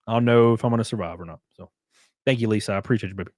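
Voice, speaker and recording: A man's voice: on the low side, very fast, darkish tone, no echo, clean studio sound. A man streaming live, reading chat messages and riffing sarcastically with plenty of swearing and mocking voices.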